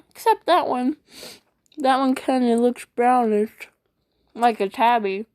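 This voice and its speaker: A woman voice actor reading funny internet posts aloud, animated and playful, switching voices often. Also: fairly high pitch, slow pace. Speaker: YouTube voice actor.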